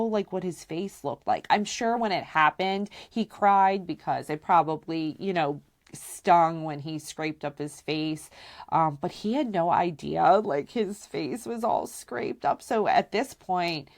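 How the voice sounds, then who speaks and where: A woman's voice: fairly low pitch, unhurried. A woman hosting a podcast, telling candid personal stories in a chatty way, with lots of "like" and "you know". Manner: relaxed and candid, acts out quoted voices. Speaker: podcast host. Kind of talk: casual personal storytelling.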